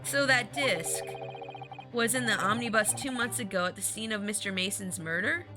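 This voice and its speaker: An earnest young lawyer asks question after question, read by a woman streamer. The voice is her own and everyday. Background music plays softly. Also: medium pitch, normal speed, close to an everyday voice.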